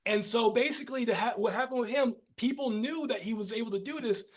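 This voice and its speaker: High-voiced man telling rambling stories. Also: fast talker. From United States. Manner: animated, rambling with many restarts and laughs. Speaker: podcast guest. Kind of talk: casual storytelling conversation.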